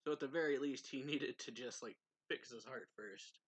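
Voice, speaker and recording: A man's voice: medium pitch, moderate pace, breathy edge, rough recording. A man casually recapping a manga chapter in a rambling way, full of fillers and reading quoted lines aloud. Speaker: manga reviewer.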